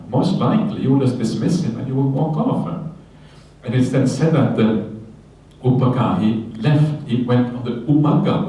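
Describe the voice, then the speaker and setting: Buddhist monk teaching at a retreat, mellow voice, casual with "yeah?" tags, heard from far off in a very roomy hall. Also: male voice, medium pitch. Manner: conversational, many fillers and "yeah?" tags, animated in quoted voices. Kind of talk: Dharma talk at a retreat.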